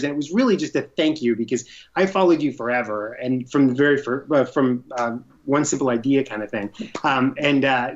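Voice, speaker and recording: A man, a guest entrepreneur, telling a story in a casual interview, excitable and laughing often. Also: on the high side, lo-fi sound.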